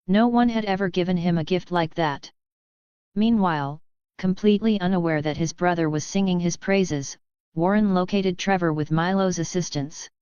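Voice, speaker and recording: A woman narrating a novel audiobook in a steady, even storytelling manner. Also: on the low side, smooth, dry recording, lo-fi sound. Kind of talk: scripted narration.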